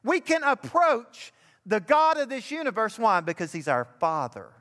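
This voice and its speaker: Preacher in a reverberant church. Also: male voice, extremely high pitch, huge pitch swings, moderate pace, a bit bright. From Alabama. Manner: preaching, rising to fervent emphasis. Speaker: pastor. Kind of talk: sermon.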